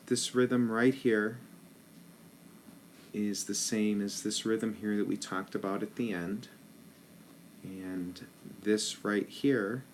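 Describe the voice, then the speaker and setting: A man's voice: lowish voice, a little hiss or hum. A man teaching a rhythm lesson as a band director, patiently counting rhythms aloud in ta syllables.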